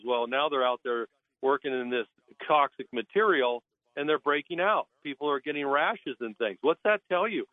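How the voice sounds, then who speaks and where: With a medium-pitched voice at a moderate pace, a naturalist guest talks over a phone line to a radio talk show, and there's no room sound. He's indignant and blunt, mocking officials through put-on voices.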